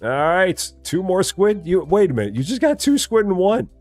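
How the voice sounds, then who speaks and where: A man's voice: normal speed, faint music behind. A man chatting casually and joking as he live streams a store simulator game, rambling and laughing. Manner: jokey, rambling, laughs often, lively swings in pitch.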